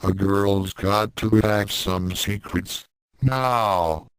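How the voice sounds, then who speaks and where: A man's voice: fairly low pitch, extremely slow, clean tone, no room sound. A man reading the part of a sultry, teasing demonic woman teacher in a storybook.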